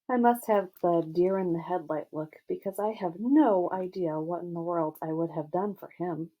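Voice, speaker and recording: Low-voiced woman narrating an audiobook. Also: normal speed, few pauses, warm tone, breathy edge. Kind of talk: first-person audiobook narration.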